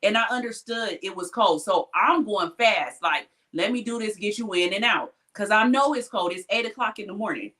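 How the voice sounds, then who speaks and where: A woman in casual chat tells a story from her hospital job. She is blunt and animated, swears freely, and jumps up in pitch when she quotes people. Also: moderate pace, hardly any pauses. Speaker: hospital technician.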